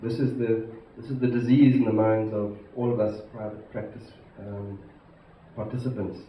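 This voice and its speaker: A man's voice: on the low side, flat delivery. South african guy giving a formal speech at a conference, stresses words, muffled sound with faint hiss. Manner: measured, emphatic, stresses key words. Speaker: institute president giving a conference address. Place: large conference hall. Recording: echoey hall, distant mic, muffled, faint hiss.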